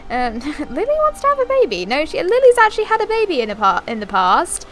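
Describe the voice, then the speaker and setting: A woman's voice: high voice, huge pitch swings, brisk. A young woman giving casual gameplay commentary. She is chatty, rambles with frequent fillers and restarts, and talks directly to the characters in her game. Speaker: gaming video creator.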